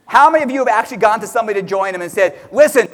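A very high-pitched man fires up a sales crowd in a big hall, his voice ringing with long reverb. He talks loud and excitable, jumping into little acted-out quotes. The sound is a live stage talk before an audience. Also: rapid-fire. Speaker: motivational speaker at a sales meeting.

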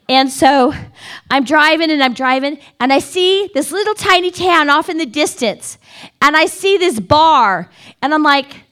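A middle-aged woman telling a funny personal story to a live audience, animated and dramatic, building tension with repeated phrases. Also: moderate pace. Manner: animated, dramatic, repetitive build-up with wailing high quotes. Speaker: speaker at a women's gathering.

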